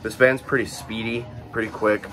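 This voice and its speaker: A man's voice: on the low side, moderate pace. A young man casually showing off his music collection, rambling and correcting himself, saying he just woke up. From Illinois, USA. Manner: rambling, relaxed, many fillers and self-corrections. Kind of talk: casual chat.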